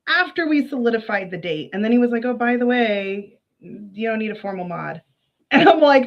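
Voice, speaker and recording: A woman streaming casual commentary, indignant and chatty and often breaking into laughter. Her voice sits fairly high. The sound is dull and lo-fi. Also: lively intonation, moderate pace. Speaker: streamer reacting to a clip.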